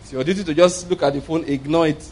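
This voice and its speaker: Chuckling preacher man, higher voice. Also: fairly even intonation, fast, a little mellow. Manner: storytelling with frequent chuckles and repeated words. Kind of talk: sermon.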